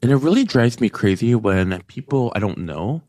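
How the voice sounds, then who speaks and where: A man's voice: medium pitch, big pitch swings, normal speed, a little mellow, no echo. A man telling a story as a podcast guest, hesitant and full of "like" fillers. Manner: hesitant, heavy use of "like" fillers. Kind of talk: casual storytelling.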